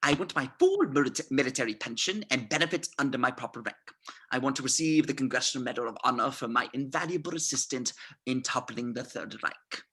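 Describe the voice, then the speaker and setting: A script reader voicing a cunning, smooth-talking male SS colonel in a theatrical, mock-polite way, swinging between hushed and loud. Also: mid-range voice, brisk. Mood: demanding. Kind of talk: amateur script reading.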